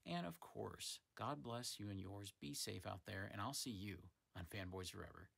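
Gravelly, husky male toy reviewer. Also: lowish voice, moderate pace. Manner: easygoing, hedging, warm sign-off. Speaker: toy reviewer, channel host. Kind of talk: casual product review.

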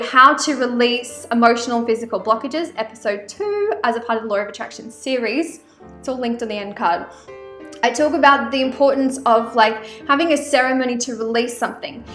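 A woman's voice: high-pitched, a bit bright, echoey room. An Australian woman vlogging casually as she reads oracle cards, chatty and rambling with frequent "um" and "like" asides. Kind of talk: casual vlog with oracle card reading.

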